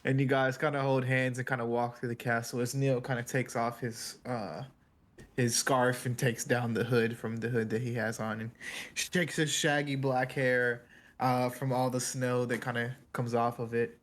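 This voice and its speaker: A man's voice: medium pitch, level tone, normal speed. A man narrating a tabletop game as game master, casual and meandering.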